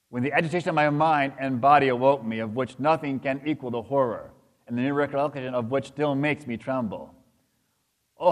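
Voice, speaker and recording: A man reading a dramatic account aloud during a sermon, in a solemn and dramatic manner. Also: mid-range voice. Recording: long hall reverb.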